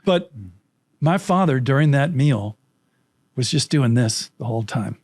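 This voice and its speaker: A man's voice: mid-range voice, expressive, measured pace, a little mellow, no room sound. A man in his sixties, a storytelling coach, telling a childhood anecdote as an interview guest, vividly acting out the people in it.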